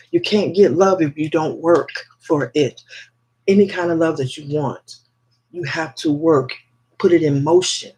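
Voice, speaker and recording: A man hosting a spiritual livestream who leads viewers through slow, repetitive affirmations and greets them affectionately. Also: a little high, darkish tone, husky. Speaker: livestream host.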